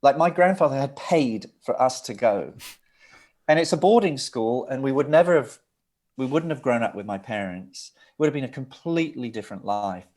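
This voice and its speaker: A middle-aged record producer from England, guesting on a casual interview, describes his family history in a mid-range, slightly mellow voice with lively intonation at a normal speed. His account is rambling and anecdotal, full of restarted sentences.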